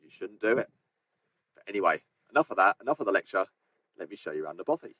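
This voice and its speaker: A man's voice: deep voice, big pitch swings, fast talker, a bit bright, no echo. A young man talking chattily and cheerfully to a handheld camera while vlogging a hiking trip, with a self-mocking humour. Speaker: travel vlogger. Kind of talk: hiking travel vlog chat.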